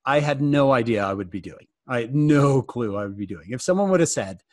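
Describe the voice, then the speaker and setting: A man's voice: medium pitch, a little fast, no echo, clean studio sound. A man giving a casual, joking fireside talk to youth over a video call, often asking his listeners questions. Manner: joking, animated, asks the audience questions. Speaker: guest speaker answering youth questions.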